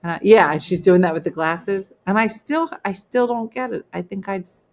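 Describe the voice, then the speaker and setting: A woman's voice: mid-range voice, moderate pace, vocal fry. A middle-aged woman hosting a live show, telling rambling, funny stories to her viewers and chatting with them casually. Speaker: host of a live chat show. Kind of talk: casual storytelling chat with viewers.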